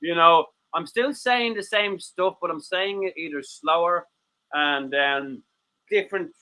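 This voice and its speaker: A man's voice: a little high, unhurried, sharp tone, rough recording. A man co-hosting a live stream show, joking and rambling with lots of swearing and laughter. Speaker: co-host.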